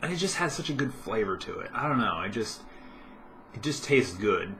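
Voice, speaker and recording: A man's voice: fairly low pitch, very animated, normal speed, fairly bright tone, slight background noise. A young man vlogging at home in casual chat, rambling with lots of fillers and self-corrections.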